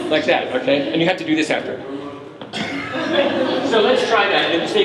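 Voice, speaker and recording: Playful New composer in a hall. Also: male voice, on the high side, fairly quick, long pauses, very noisy. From New York. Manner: chatty, playful, coaxing the audience to join in. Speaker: composer leading a family concert. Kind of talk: explaining music to a family audience. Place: concert hall stage. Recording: echoey concert hall, from a distance. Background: piano and string music.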